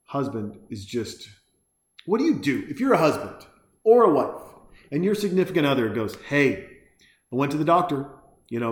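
A man's voice: mid-range voice, a little mellow, echoey room. A man casually ranting and making sarcastic, profane commentary while reacting to a movie.

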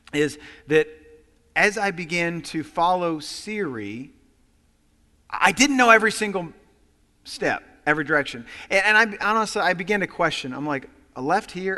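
A man preaching a sermon as a pastor, telling a story and dropping to hushed tones for quoted lines before rising to loud emphasis. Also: on the high side. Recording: long hall reverb.

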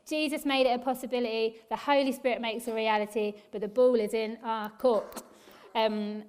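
A woman worship leader giving an eager, encouraging church talk to a congregation, quick and laughing often. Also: fairly high pitch, fairly even intonation, a little mellow, clear, resonant tone.

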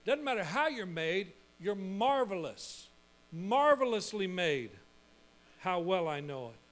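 A middle-aged man preaching a sermon as pastor, lively and emphatic, building points through repetition. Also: high-pitched, takes it slowly.

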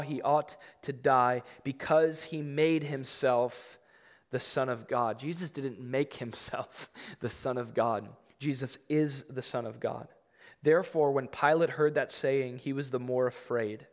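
A man's voice: medium pitch, fairly even intonation, measured pace. A man preaching a sermon, conversational but emphatic, acting out scripture readings with rising intensity. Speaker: pastor. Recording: long reverb of a large hall.

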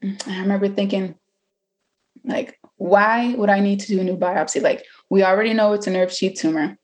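Young woman in her twenties, candid and chatty storyteller, mid pitch. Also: fairly even intonation, normal speed, a little mellow. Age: 20s. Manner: candid, chatty, full of fillers and acted-out quotes. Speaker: cancer survivor telling her story. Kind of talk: personal storytelling.

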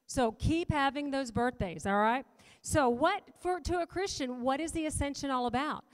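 A woman's voice: high-pitched, normal speed. A middle-aged woman giving a sermon talk at a church panel, chatty with joking asides to the audience. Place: church auditorium. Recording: long reverb of a large hall.

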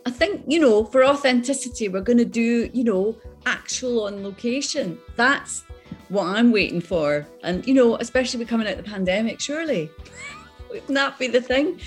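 A woman with a Scottish accent, a voice actress chatting as a guest in an interview, lively and quick to laugh. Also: a little high, faint music behind. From Scotland. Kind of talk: casual interview chat.

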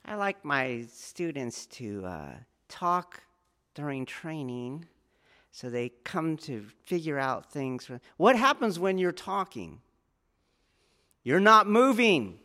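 A man teaching martial arts students in an informal, rambling lecture, often laughing and checking whether they follow, growing loud when he presses a point. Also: fairly high pitch, sing-song, a little slow. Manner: rambling, laughs often, asks "do you see?".

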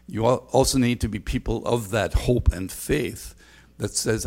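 Older male pastor, lowish voice, earnest conversational sermon delivery with restarts. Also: measured pace, darkish tone.

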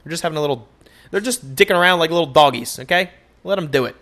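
A young man hosting a casual solo podcast, joking and cursing through loose, animated stories. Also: fairly high pitch, fast. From United States. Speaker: podcast host.

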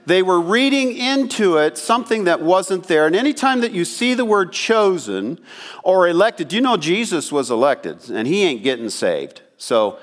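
An older male pastor preaches in a loose, folksy way, full of asides to his listeners. He acts out the people in his stories as he goes. His voice sits high for a man. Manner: folksy storytelling with asides to the congregation; acts out quoted voices in the story. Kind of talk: sermon.

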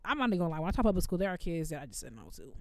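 A woman, co-hosting a casual chat and telling animated stories as a former music teacher. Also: fairly low pitch, very fast, dry recording. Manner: animated storytelling, quoting herself.

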